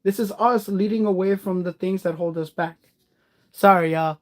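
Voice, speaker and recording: Male streamer, relaxed and rambling, talks straight to his chat. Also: sits high, moderate pace. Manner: chatty, rambling, greets viewers by name; warm-hearted, encouraging. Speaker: live streamer. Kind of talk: casual live-stream chat.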